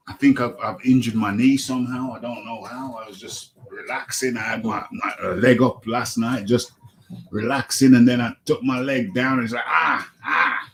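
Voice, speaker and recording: A man hosts a casual talk show and rants with animated energy, circling back to the same phrases again and again. His voice sits at an ordinary middle pitch. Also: a little hiss or hum. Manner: animated ranting, repeats phrases. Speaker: host. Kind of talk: casual podcast chat.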